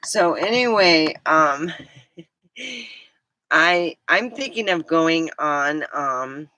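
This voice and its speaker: A middle-aged woman vlogging in a rambling, casual chat, scattered and quick to laugh. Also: sits low, expressive, sharp tone. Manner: chatty, scattered, laughs a lot.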